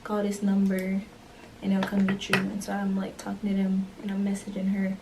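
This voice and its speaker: A woman's voice: medium pitch, monotone, normal speed, far from the mic, background noise. A young woman telling a rambling, slangy story to her camera at home at night. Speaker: vlogger. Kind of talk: casual story time.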